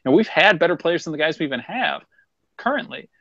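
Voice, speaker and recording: A man's voice: on the high side, very animated, quick pace, pushed and bright, dry recording, lo-fi sound. A man co-hosting a casual sports chat, blunt and swearing freely as he argues his points in bursts. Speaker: podcast co-host.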